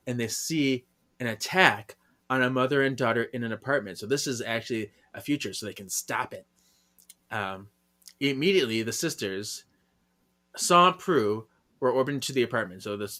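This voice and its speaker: A man with a bright, forceful voice recaps a story in loose, casual podcast chat. He giggles often and slips into quick high voices for the characters' lines. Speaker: podcast co-host.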